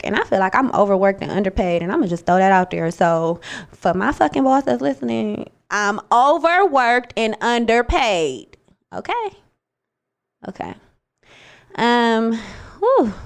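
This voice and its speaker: A young woman hosting her own podcast, talking casually and bluntly about her nursing work, full of swearing and pep talk. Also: mid-range voice. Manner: blunt, profane, motivational. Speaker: podcast host, nurse.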